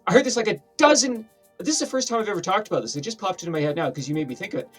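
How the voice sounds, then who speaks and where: A Canadian man co-hosting a casual podcast, telling stories in an animated, indignant way. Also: high-pitched, breathy edge, soft background music. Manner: fast, animated storytelling, indignant complaints. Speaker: podcast co-host.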